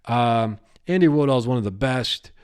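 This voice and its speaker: Rambling excitable comedian host. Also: male voice, medium pitch, normal speed, smooth. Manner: rambling, excitable, restarts and riffs. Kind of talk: casual solo podcast monologue.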